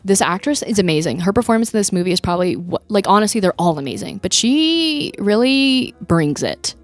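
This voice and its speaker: A woman's voice: mid-range voice, sing-song, a little fast, no room sound. A young woman co-hosting a podcast, chatting casually about a movie and retelling scenes with acted-out quotes. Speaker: podcast co-host. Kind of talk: casual movie-review chat.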